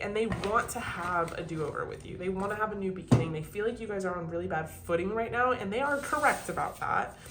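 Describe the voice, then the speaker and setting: A young woman with a lowish voice does a casual tarot reading at home, chatting with viewers, swearing freely, and sniffling from allergies. She keeps it quiet because a child is sleeping, and there is heavy background noise.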